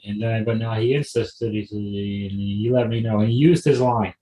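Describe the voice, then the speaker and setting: Lowish, steady and a little mellow, his voice moves briskly with hardly any pauses. The young solo comedy podcaster, recorded with roomy echo, rambles offhandedly through digressions, restarting often with a wry edge.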